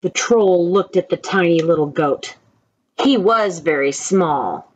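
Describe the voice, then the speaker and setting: A woman reading a children's story aloud, slow and gentle, asking the children questions as she goes. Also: on the low side, lively intonation, rough recording. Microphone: own camera.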